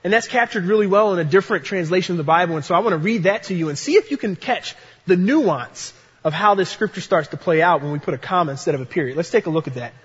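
A man's voice: high voice, lively intonation, quick pace, slightly rough, lo-fi sound. Earnest male preacher in a big hall. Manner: earnest, repeats key phrases for emphasis. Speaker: pastor. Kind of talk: sermon.

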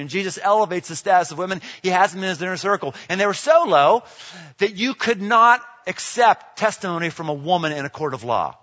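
High, bright preacher in echoing hall. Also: male voice. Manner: animated, fires rhetorical questions. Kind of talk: sermon. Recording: reverberant, dull lo-fi hall recording.

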